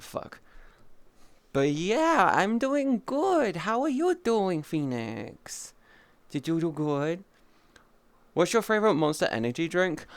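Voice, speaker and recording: Chatty streamer with a smooth voice. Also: male voice, mid-range voice, dry recording. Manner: rambling, chatty, many fillers and restarts. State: a little tired. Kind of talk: casual chat with viewers.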